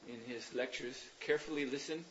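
A man giving a spiritual talk, working through ideas in a roundabout, reflective manner and pausing to search for words. His voice sits at a middle pitch. The lo-fi recording sounds dull, with a faint hiss behind it. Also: fairly even intonation. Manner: thoughtful, meandering, pauses with um and uh. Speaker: spiritual teacher leading a class. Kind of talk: explanatory religious discourse.

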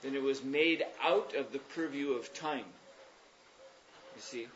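A man giving a spiritual talk, working through ideas in a roundabout, reflective manner and pausing to search for words. His voice sits at a middle pitch. The lo-fi recording sounds dull, with a faint hiss behind it. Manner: thoughtful, meandering, pauses with um and uh. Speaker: spiritual teacher leading a class. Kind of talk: explanatory religious discourse.

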